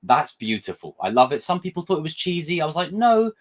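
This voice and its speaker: Brief: young man, fired-up profane reviewer, pitch swinging up and down. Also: fast talker. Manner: animated, rambling, passionate and profane. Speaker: film and TV reviewer. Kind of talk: casual review vlog.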